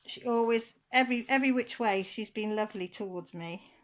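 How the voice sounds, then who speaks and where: A woman's voice: fairly high pitch, a little fast. Emotional, gushing woman vlogger. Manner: emotional, gushing, near tears. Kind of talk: casual unboxing chat.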